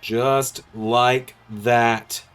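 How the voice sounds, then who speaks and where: Excitable male wrestling game commentator. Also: medium pitch, drawn-out words, smooth, faint music behind. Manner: excitable, chatty, joking. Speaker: commentator and series host.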